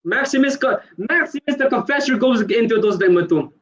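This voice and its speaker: A man's voice: very high-pitched, expressive, brisk, a bit bright. A man in an online debate who fires off questions, interrupts and repeats himself. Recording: lo-fi call audio.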